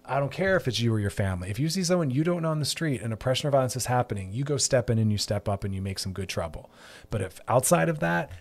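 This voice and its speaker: A man hosting a solo podcast, delivering an emphatic, preachy monologue with repeated refrains. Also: on the low side. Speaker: podcast host.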